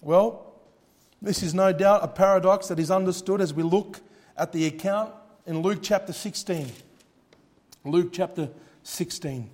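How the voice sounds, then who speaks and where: A man with a notably high voice delivers a fervent sermon. He drops to near-hushed tones and then swells to loud cries. He reads scripture in old-fashioned wording. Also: a little slow, pauses often. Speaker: preacher.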